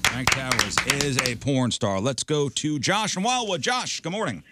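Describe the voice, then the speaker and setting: A man hosting a morning radio call-in game, upbeat and brisk as he takes callers and rules on their answers. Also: medium pitch, lively intonation, heavy background noise. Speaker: radio show host. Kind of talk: casual morning radio banter.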